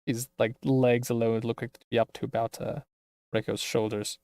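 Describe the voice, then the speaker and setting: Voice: mid-range voice, level tone, moderate pace, warm tone, clean tone, dry recording. A streamer thinking aloud while playing a game, with lots of "like" fillers. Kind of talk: casual game commentary.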